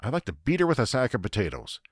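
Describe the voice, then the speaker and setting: A man's voice: medium pitch, huge pitch swings, quick pace, husky, no room sound, studio quality. A Canadian man hosting a podcast and telling a comic story in a profane, ranting, self-deprecating way. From Saskatchewan, Canada. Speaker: podcast host. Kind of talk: comedic storytelling monologue.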